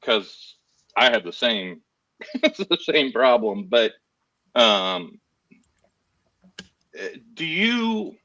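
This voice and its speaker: A man's voice: medium pitch, big pitch swings, drawn-out words, pauses often, sharp tone, no room sound. A man joining a casual online panel chat, joking and laughing often. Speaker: panel guest. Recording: dull lo-fi mic.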